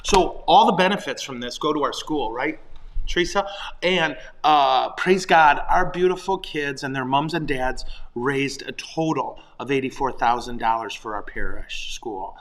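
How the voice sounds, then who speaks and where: Priest guy chatting on a livestream, mid pitch, jokey, laughs at himself a lot. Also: normal speed, a bit bright. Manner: playful, self-deprecating, chuckles often. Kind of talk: casual livestream chat.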